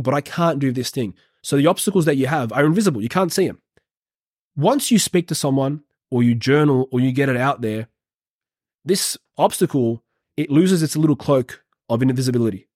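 A man's voice: mid-range voice, darkish tone, no echo. Male personal-trainer podcast host; earnest, rambling, casually profane; mid voice, dry recording. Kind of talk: motivational podcast monologue.

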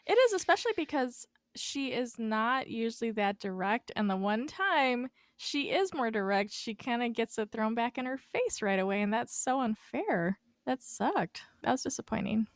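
A woman's voice: on the high side, very animated, normal speed, hardly any pauses, no echo, studio quality. A woman co-hosting a casual podcast, giving earnest, reflective takes on a TV episode. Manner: earnest, reflective commentary, defends characters. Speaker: podcast co-host. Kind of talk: casual chat.

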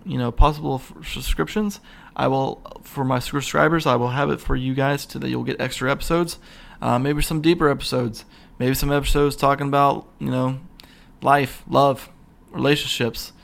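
A young man hosting his own podcast, rambling excitedly with lots of fillers and restarts. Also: medium pitch, creaky. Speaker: podcast host. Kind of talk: casual solo podcast rant. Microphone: single mic, podcast.

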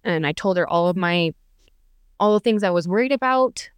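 A young woman speaks candidly about her own life, rambling and chatty with many fillers. Her voice comes through smooth and clean, recorded close and dry with no room sound. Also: on the low side, lively intonation, moderate pace, no room sound. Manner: chatty, many fillers and restarts, laughs between thoughts. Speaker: podcast guest. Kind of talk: candid personal storytelling.

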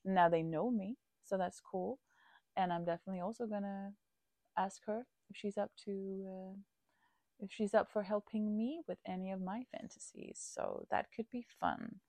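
A woman's voice: medium pitch, fairly even intonation, moderate pace, warm tone, dry recording. A woman podcast host in casual personal storytelling, candid and chatty with many fillers.

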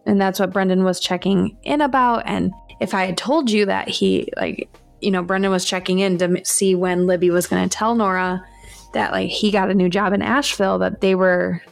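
A woman's voice: mid-range voice, steady tone, normal speed, gravelly, faint music behind. A woman co-hosting a podcast, retelling a novel's plot in a chatty, filler-heavy way. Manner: chatty recap full of fillers. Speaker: podcast co-host. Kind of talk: casual book-club chat.

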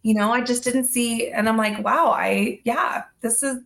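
Gravelly-voiced mom podcaster telling stories. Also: female voice, a little high, fairly even intonation, unhurried, a bit bright. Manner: storytelling with quoted asides. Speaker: podcast co-host. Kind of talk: casual chat.

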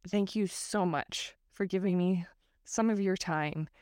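A woman from Northern California talks alone into a close microphone for her podcast, her voice sitting low and even. She muses thoughtfully, wanders off on tangents and teases herself along the way. The recording is dry, with no room sound around her. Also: unhurried, clean tone, no echo. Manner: thoughtful, self-deprecating, digressive. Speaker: podcast host. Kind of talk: reflective solo podcast monologue.

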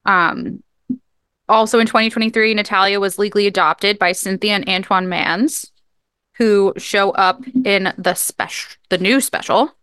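Podcast co-host, woman, bright crisp tone, dry close sound, chatty recap style. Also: medium pitch, steady tone, a little slow, dry recording. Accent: regional. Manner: chatty, restarts and apologizes mid-story. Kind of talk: casual chat, recapping a story.

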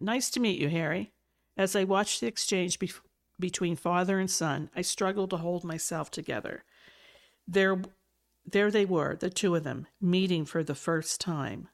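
A woman with a low, gravelly voice reads a novel aloud, expressive and steady, now and then fixing a slipped word. Between chapters she chats easily with a guest. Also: unhurried. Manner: expressive reader with small slips and self-corrections. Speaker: podcast host reading a novel aloud. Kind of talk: audiobook-style reading, then casual chat.

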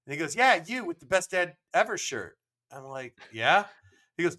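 A man's voice: fairly high pitch, animated, normal speed, bright, forceful tone. A man in his fifties co-hosting a podcast, telling stories in a wry, teasing way. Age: 50s. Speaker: podcast co-host. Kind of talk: casual chat.

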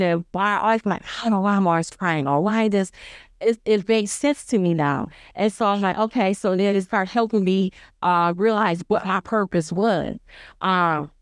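Smooth-voiced woman sharing a testimony. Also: no room sound, studio quality. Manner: earnest, acts out her own quoted dialogue with rising pitch; conversational, many fillers and restarts. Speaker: church member giving testimony. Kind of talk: personal faith testimony.

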